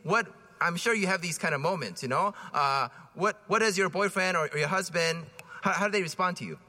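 A man's voice: high-pitched, a little fast, sharp tone, big-room sound. A man preaching a homily in a casual, joking way, often acting out voices. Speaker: priest.

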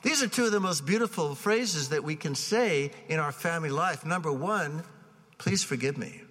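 Male preacher, slightly high, bright voice, chatty sermon delivery, long hall reverb. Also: lively intonation, moderate pace. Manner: conversational storytelling with frequent restarts.

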